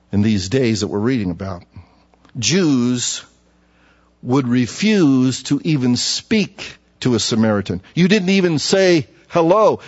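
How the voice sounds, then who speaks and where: A pastor preaching a sermon in a conversational way, with asides and rhetorical questions to the congregation. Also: male voice, a little high. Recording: dull audio with long hall reverb.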